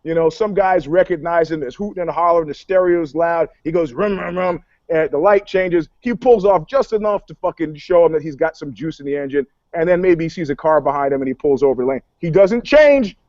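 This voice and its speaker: A man from New York co-hosting a casual talk show, telling stories in a profane, animated way and acting out the dialogue. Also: on the high side, a little fast, few pauses, no echo, dull audio. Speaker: podcast co-host, PR commentator.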